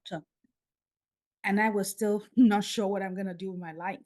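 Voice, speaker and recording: Animated woman telling a story. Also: mid-range voice, a little fast. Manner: animated, acts out dialogue. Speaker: podcast guest. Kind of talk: storytelling in an interview.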